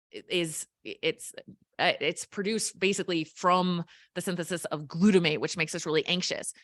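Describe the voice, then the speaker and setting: Lively woman explaining, low voice. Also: no room sound. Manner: energetic, animated, explains simply. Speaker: health coach guest. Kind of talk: casual explanatory chat.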